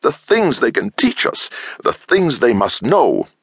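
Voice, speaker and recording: A man voicing an eager, excitable male scientist in an audiobook, with a pleading manner. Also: on the low side, a little slow, dry recording, studio quality, voice pushed up, exaggerated voice. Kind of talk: audiobook character voice.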